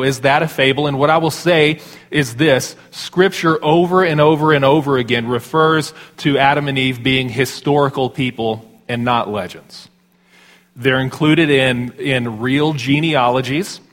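A man in his thirties preaching a sermon as pastor in a church sanctuary, conversational and self-deprecating with quick asides. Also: a little high, fairly bright tone. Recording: long hall reverb.

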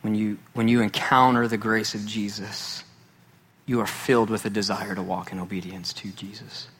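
A man's voice: lowish voice, level tone, normal speed, fairly bright tone, slightly rough. A male pastor preaching a sermon, emphatic and repeating key phrases for weight.

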